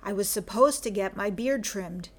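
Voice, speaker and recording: A woman's voice: medium pitch, moderate pace, lightly acted. A woman doing a grumbling Scottish seaman. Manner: grumbling, self-mocking muttering. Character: gruff Scottish male sea detective, grumbling. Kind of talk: audiobook character reading.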